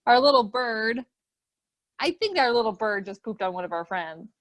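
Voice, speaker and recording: A woman hosting a children's webinar, reading a picture book aloud and asking young children lots of questions with excited gasps. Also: on the high side, moderate pace. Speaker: children's program host. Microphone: webinar computer mic.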